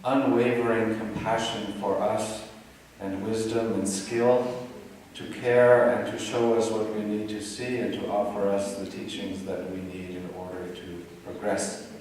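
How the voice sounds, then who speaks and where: A man giving a devotional talk as a meditation teacher, soft-spoken and unhurried, explaining and leading chants. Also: fairly low pitch, level tone, slight background noise. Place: yoga retreat hall. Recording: echoey hall from far off.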